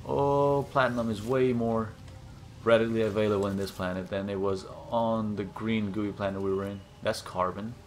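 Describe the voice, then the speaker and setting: A young man hosting a gaming channel gives casual let's-play commentary, gasping and exclaiming often as he explores. His voice is fairly low and moderately paced, with a little hiss or hum.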